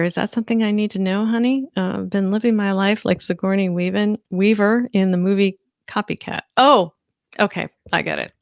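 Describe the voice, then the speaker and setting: A woman hosts a casual livestream from home and reads her viewers' comments aloud. She chats in a loose, easily amused way. Her voice is smooth and clear, and the sound is close and dry. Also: medium pitch, no room sound. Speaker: livestream host. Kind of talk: casual live-stream chat.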